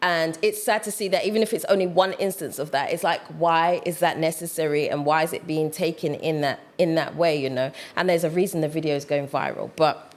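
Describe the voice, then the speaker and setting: A woman's voice: low-pitched, fairly even intonation, fairly quick. A woman vlogger giving reflective, conversational commentary, thinking aloud with plenty of fillers. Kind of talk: commentary vlog.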